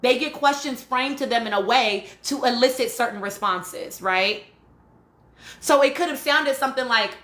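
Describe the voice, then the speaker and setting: A woman's voice: on the high side, normal speed, a bit bright, roomy sound. A woman hosting a live stream, talking casually and emphatically and often checking in with "right?" as she reads and answers chat comments. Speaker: podcast host reading live chat.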